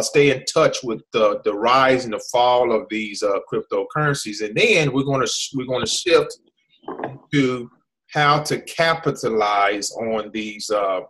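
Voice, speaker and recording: A man's voice: medium pitch, a bit bright, low-quality recording. American guy hosting an online call, rambly, keeps saying okay?, lots of restarts. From USA. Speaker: host. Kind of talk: casual hangout presentation.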